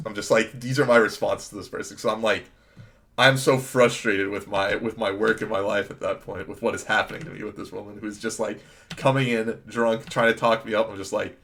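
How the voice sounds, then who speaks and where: A man's voice: fairly low pitch, fairly even intonation, fairly quick, fairly bright tone. A young man telling a rambling, self-mocking story in casual speech while playing an online card game. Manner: rambling anecdote with filler "like", laughing at himself. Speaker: gaming streamer.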